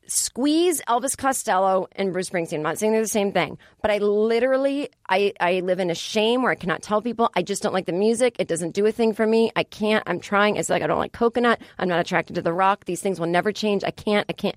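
A woman's voice: medium pitch, no echo. A woman hosting a comedy podcast, chatting in a rambling, self-deprecating monologue full of fillers, recorded in a podcast studio. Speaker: podcast host.

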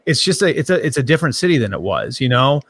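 A man in his thirties, a sports journalist who grew up near Boston, answering interview questions in a halting way with many restarts and fillers. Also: mid-range voice, sing-song, husky, no room sound. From grew up in the Boston area.

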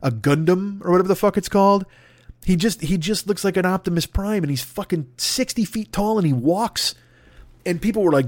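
Dude riffing a sweary comedy rant, rapid fire, dead dry mic sound. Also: male voice, fairly high pitch, darkish tone, dry recording. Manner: profane, riffing, jumps into silly voices. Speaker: podcast host. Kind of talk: rambling comic monologue.

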